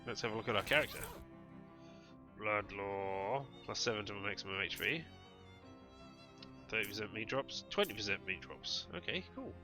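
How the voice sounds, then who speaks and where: A man's voice: lowish voice, lively intonation, normal speed, pauses often. A man playing a comedy adventure game, reading its text aloud and joking along the way. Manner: reads game text aloud in a playful, jokey way. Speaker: let's play gamer. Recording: dull muffled audio with game music. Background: game music.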